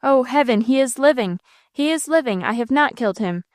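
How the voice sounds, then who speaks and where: A woman's voice: a little high, normal speed, dry recording, clean studio sound, lightly acted. A woman voicing a wild, fearless young heroine in an audiobook, talking in breathless, pleading exclamations. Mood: distraught.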